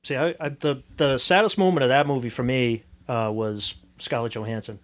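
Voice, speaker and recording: Man, mid-pitched, guest, short explanations. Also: steady tone, normal speed. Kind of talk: casual chat.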